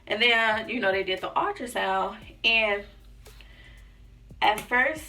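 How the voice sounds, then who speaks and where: A young woman vlogger tells a story in a loose, chatty way and acts out the people she quotes. Her voice is bright and forceful. She sits a little back from the mic, with soft music playing underneath. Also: medium pitch, takes it slowly, far from the mic. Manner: chatty, acts out quotes, says "like" and "y'all" often. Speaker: lifestyle vlogger. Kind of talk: casual storytelling to camera. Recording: voice a bit off-mic with faint music behind.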